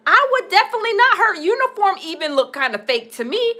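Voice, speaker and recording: A woman's voice: extremely high pitch, fast talker. A woman hosting a casual livestream, reacting to a clip and reading viewer comments aloud with laughter. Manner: laughing, animated, reads chat aloud.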